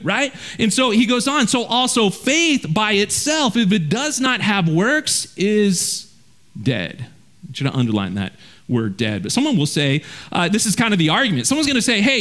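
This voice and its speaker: Pastor guy, pretty high voice, preaching verse by verse, keeps asking "right?". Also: a bit bright. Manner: direct, conversational preaching with frequent "right?" check-ins. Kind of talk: verse-by-verse sermon.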